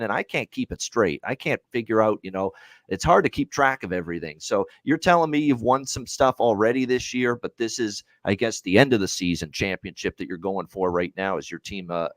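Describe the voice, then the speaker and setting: A man hosts a betting podcast in a relaxed, chatty manner, dropping casual swears. His voice is low. The sound is dry and close. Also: dry recording. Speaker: host of sports betting show.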